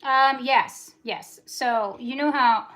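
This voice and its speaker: This livestream host is a chatty woman in her forties whose high-pitched voice has a slightly bright quality. She rambles quickly through casual talk as she does the dishes and tidies up.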